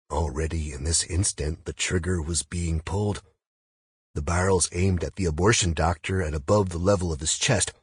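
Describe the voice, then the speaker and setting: A man reading an audiobook as first-person narration, with a measured, grave, steady delivery and a husky voice. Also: low voice, no room sound, studio quality.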